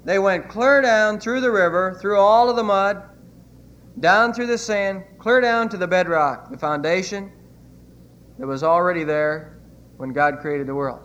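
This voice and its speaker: A man with a notably high voice delivers a sermon from the pulpit. He retells scripture earnestly and leans hard on key phrases. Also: unhurried, fairly bright tone, lo-fi sound. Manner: earnest preaching, retelling scripture with emphatic quotes. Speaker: pastor.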